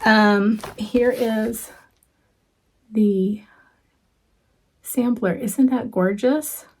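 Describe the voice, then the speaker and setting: Home craft vlogger, woman; unhurried, gravelly, gushing show-and-tell with soft asides. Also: fairly high pitch, fairly even intonation, a little hiss or hum. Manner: chatty, gushing, with frequent ums and soft asides. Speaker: cross-stitch vlogger. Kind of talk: casual show-and-tell chat.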